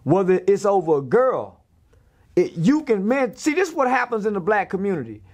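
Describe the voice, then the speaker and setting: A man's voice: high-pitched, sing-song, moderate pace, a little mellow. A man giving a blunt, preachy rant in a podcast interview, firing off rhetorical questions. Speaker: interview guest.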